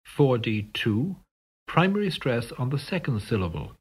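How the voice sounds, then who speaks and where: A man with a slightly husky voice reads out the sections of a pronunciation lesson. His delivery is measured and scripted, and his pitch moves in a lively way as he announces each rule. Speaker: language course narrator. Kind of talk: scripted instructional narration.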